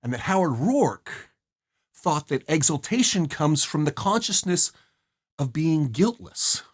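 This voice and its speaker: A man's voice: a little high, very animated, measured pace, husky. A man presenting a study guide, explaining a novel's scene and song lyrics in an earnest, emphatic way. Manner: earnest, emphatic, rises sharply on key phrases.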